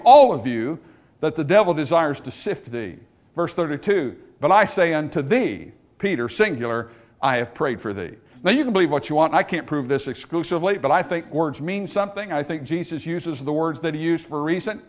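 Male preacher, high and very animated, delivering a church sermon; hushed scripture readings, booming emphasis. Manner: swings from hushed, drawn-out scripture quotes to loud, emphatic preaching. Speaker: pastor. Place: church in front of a congregation.

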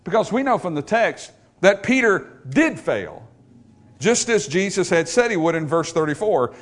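Male preacher, high and very animated, delivering a church sermon; hushed scripture readings, booming emphasis. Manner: swings from hushed, drawn-out scripture quotes to loud, emphatic preaching. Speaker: pastor. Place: church in front of a congregation.

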